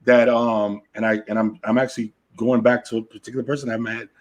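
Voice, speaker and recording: A man's voice: mid-range voice, level tone, brisk. A man co-hosting a podcast, chatting casually about relationships and telling stories with frequent "right?" asides. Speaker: podcast co-host.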